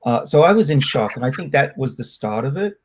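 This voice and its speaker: A middle-aged man from Australia, a scientist answering interview questions in a candid, reflective, loose and halting way. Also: mid-range voice, sing-song, a little hiss or hum. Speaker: scientist guest.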